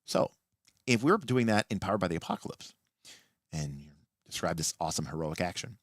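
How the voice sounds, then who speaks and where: Animated low-voiced man on a late-night stream. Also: a little fast, no echo, clean studio sound. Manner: animated explaining, frequent restarts. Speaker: livestream host and game master. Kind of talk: late-night livestream chat about tabletop rules.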